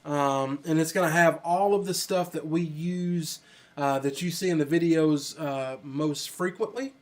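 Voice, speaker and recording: A man's voice: fairly high pitch, a little slow, darkish tone. A man with an American Southern country accent, casually chatting on a livestream and reading out comments, rambling with lots of ums and restarts. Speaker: livestream host. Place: office.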